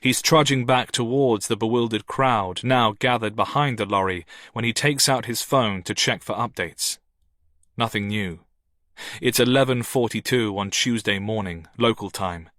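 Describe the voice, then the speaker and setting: A man narrating a thriller audiobook with steady, tense storytelling. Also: on the low side, normal speed, no echo, studio quality. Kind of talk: scripted narration.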